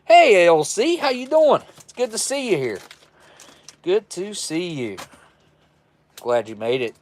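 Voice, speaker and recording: A man's voice: sits high, wildly swooping pitch, moderate pace. A man hosting a casual livestream, reviewing old military rations and chatting with viewers in a folksy, self-described redneck way.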